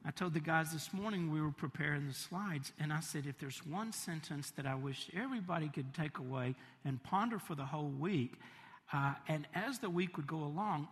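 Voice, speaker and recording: A man preaching a sermon, animated, swinging between emphatic lines and hushed, soft ones. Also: fairly high pitch. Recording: long reverb of a large hall.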